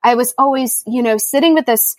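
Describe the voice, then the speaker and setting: Woman podcast guest, middle-aged coach, lively storyteller with a slightly high voice, close and dry. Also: fairly quick, no room sound. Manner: animated storyteller, acts out her own reactions. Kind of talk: casual conversational interview. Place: home in Costa Rica during rainy season.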